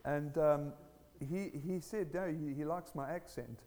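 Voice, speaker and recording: A man preaching a sermon, telling a personal testimony in an earnest, animated way. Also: a little high, unhurried, in a large hall.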